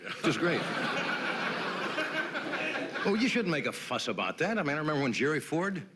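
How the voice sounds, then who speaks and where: A man with a slightly high, sing-song voice hosts a late-night talk show, speaking at normal speed amid a lot of noise. In the TV studio with a live audience, his comedy monologue blends wry humor with banter aimed at his sidekick.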